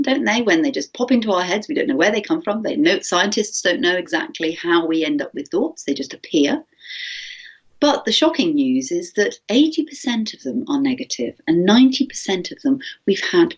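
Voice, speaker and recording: Woman, teacher trainer, husky voice, animated workshop talk, dull lo-fi call audio. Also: mid-range voice. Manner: lively, animated, acts out anxious inner voices, frequent "okay?".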